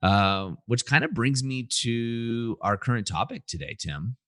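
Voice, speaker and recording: A man's voice: mid-range voice, animated, measured pace, sharp tone, no echo, studio quality. A man from California hosting a podcast in an upbeat, easygoing chat with lots of fillers. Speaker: podcast host.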